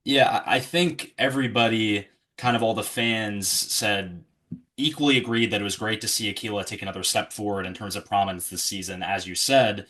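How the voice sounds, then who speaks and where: A man's voice: on the low side, steady tone, fairly quick, bright, forceful tone. A man interviewing a guest in an easygoing way, asking questions with plenty of fillers. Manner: easygoing, laughs along, hedges with fillers.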